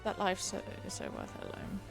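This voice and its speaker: A woman's voice: fast, music in the background. A young woman from England chatting casually on a live stream, giggly and reading chat aloud into a desk mic. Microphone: desk mic she keeps bumping.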